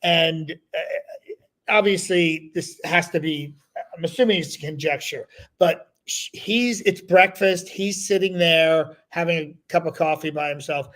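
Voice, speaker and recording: A man's voice: fairly high pitch, unhurried, fairly bright tone. A man hosting a podcast, chatting enthusiastically over a remote call. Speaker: podcast host. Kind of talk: casual chat.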